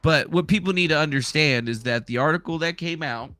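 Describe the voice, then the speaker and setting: A man's voice: on the high side, brisk, pushed and bright. A man hosting a casual livestream, stoned, talking in a loose, profane, rambling way. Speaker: livestream host.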